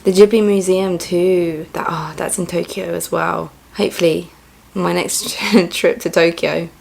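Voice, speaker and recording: Chatty, musing young woman, low voice. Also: steady tone, a little slow, vocal fry, darkish tone, husky. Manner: chatty, musing, self-reflective. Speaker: vlogger. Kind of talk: casual vlog reaction.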